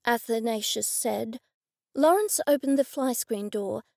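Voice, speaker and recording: Slow, gravelly woman narrating. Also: on the high side, dark tone, no echo, studio quality. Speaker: audiobook narrator. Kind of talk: first-person audiobook narration.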